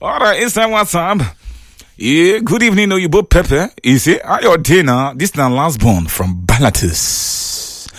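A man with a Nigerian accent hosting a radio show, reading out listener greetings in a casual, lively way with frequent laughs and exclamations. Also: on the high side, unhurried, dry recording, studio quality. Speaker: radio host. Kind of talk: casual radio shout-outs in Pidgin.

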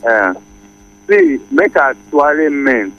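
A man's voice: on the high side, huge pitch swings, takes it slowly, creaky, highs cut off. A man with a Nigerian accent, calling in to a radio show and speaking in an earnest, emphatic way. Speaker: radio caller.

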